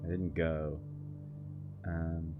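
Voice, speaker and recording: A man's voice: very deep voice, flat delivery, extremely slow, phone-quality sound, music in the background. A young man streaming a game, hungover, rambling and laughing through a story. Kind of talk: casual gameplay chat.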